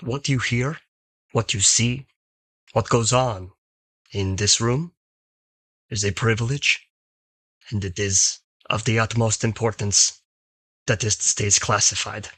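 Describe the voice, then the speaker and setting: Man doing a stern warrior, tabletop role-play, grave, deliberate, low voice, dry sound. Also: steady tone, bright, forceful tone, no echo, heavily acted. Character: stern, protective male warrior giving a warning.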